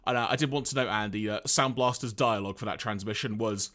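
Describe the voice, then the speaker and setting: A man co-hosting a podcast, recapping an episode in a casual, animated way and reading out lines. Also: lowish voice, fast talker, hardly any pauses. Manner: animated storyteller, reads out lines, laughs often. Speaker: podcast co-host.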